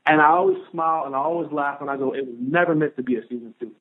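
A man tells a long personal story in an interview with lively energy, acting out every exchange he quotes. His voice sits a little high for a man. The sound is thin and narrow, like a phone line. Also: fast talker, hardly any pauses. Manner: animated storyteller, acts out quoted dialogue. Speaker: podcast guest, former pro football player.

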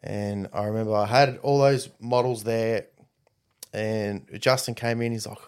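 A man's voice: lowish voice, steady tone, moderate pace, a little mellow, clean tone. Male guest; casual, rambling storyteller who perks up when quoting.

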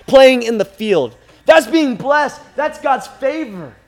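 A man with a notably high voice preaches a sermon. He repeats phrases for emphasis and moves between quiet, intimate lines and loud, driving appeals. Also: measured pace, hardly any pauses. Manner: impassioned, repetitive, swings from hushed to loud.

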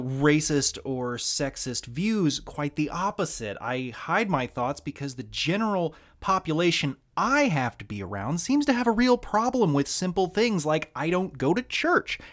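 A man's voice: a little high, animated, measured pace, fairly bright tone. A man from the American South with a slight Southern accent, hosting a casual podcast monologue in a wry, candid, sardonic way with frequent ums. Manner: frequent ums and trailing asides. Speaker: podcast host.

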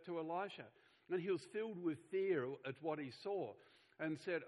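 A man's voice: fairly high pitch, normal speed, low-quality recording. A middle-aged man, preaching a sermon in an earnest, conversational way with frequent restarts. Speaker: pastor.

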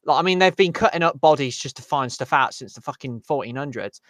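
A man's voice: mid-range voice, fast, a bit bright, dry recording, studio quality. A man in casual chat, stammering and rambling with crude language.

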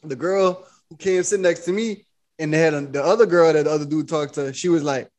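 A man's voice: a little high, fairly quick, a little mellow. A man co-hosting a podcast, telling a loose, profane story and laughing along. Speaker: podcast co-host. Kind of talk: casual storytelling chat.

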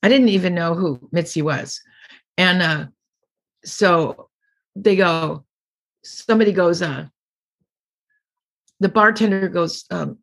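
A woman's voice: lowish voice, takes it slowly, creaky, pauses often, fairly bright tone. A middle-aged woman comedian being interviewed, telling rambling anecdotes and acting out the people she quotes. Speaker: comedian guest. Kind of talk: casual storytelling interview.

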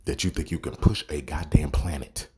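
A man's voice: extremely low pitch, normal speed, noisy background. A man giving a casual, profane movie review, exasperated and sarcastic, swearing constantly.

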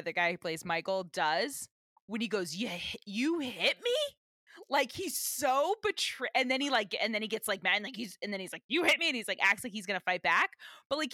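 A woman co-hosting a casual rewatch podcast, animated and exasperated, swearing casually as she chats. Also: medium pitch, no room sound, studio quality. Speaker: podcast co-host.

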